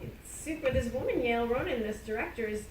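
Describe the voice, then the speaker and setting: Woman, casual panel talk, chatty storyteller, a bit high, roomy hall, distant mic. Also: animated, a little fast, noisy background. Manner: chatty, quotes people in dialogue, laughs often. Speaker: playwright on a panel. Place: theater.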